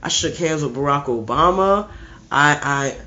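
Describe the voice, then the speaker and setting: A man's voice: a little high, lively intonation, a little slow, pushed and bright. A man putting on a stammering guilty defendant. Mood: pleading. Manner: pleading, stammering, self-justifying. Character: boastful guilty man pleading his good deeds. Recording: slightly muffled lo-fi recording.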